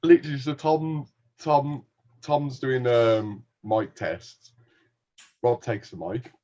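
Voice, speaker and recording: A man's voice: medium pitch, takes it slowly, muffled recording. A man co-hosting a podcast, telling stories animatedly and swearing freely. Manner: animated, sweary, laughing storyteller. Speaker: podcast co-host. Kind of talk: casual chat.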